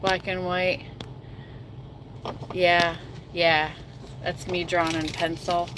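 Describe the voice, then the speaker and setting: A woman's voice: fairly low pitch, little pitch movement, extremely slow, background noise. A middle-aged woman trucker hosting a casual livestream chat, self-mocking and reading viewer comments aloud.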